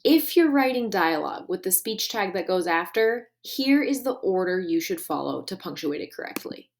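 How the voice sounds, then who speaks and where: A woman teacher giving a recorded grammar lesson, clear and deliberate, stressing key words. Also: lowish voice, very animated.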